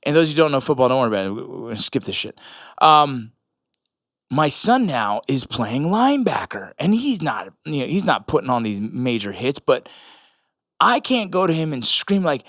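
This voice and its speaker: Blunt, foul-mouthed army dad. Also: male voice, fairly high pitch, sing-song, brisk, a bit bright, no room sound, studio quality. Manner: blunt, heavily profane, rambling with restarts. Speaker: military veteran and father sharing reflections. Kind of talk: casual vlog talk.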